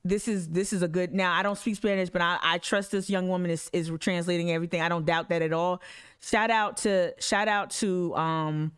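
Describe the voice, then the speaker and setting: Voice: mid-range voice, steady tone, moderate pace, a bit bright, clean tone, no echo, studio quality. An activist commentator, reacting to news clips in emphatic casual talk, often restarting sentences. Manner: emphatic, with many restarts and asides.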